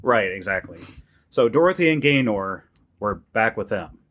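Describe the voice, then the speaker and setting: Male podcast co-host, low voice, easygoing, casual chat. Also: animated, normal speed, fairly bright tone. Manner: easygoing, agreeable.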